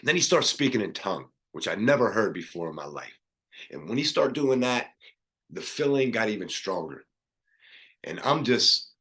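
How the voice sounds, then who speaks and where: A middle-aged man, a podcast guest, telling a personal story in an earnest, animated way with many restarts. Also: lowish voice.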